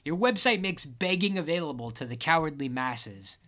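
A man's voice: a little high, expressive, moderate pace, pushed and bright, voice pushed up. A man voicing an angry, exasperated young woman with a glass eye in an audiobook reading. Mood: indignant. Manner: exasperated and combative.

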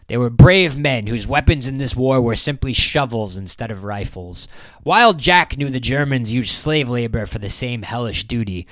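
A male audiobook narrator reading in a low-key, measured way at a middle pitch. The recording is close and dry, with no room sound. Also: a bit bright, no echo. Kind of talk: scripted narration.

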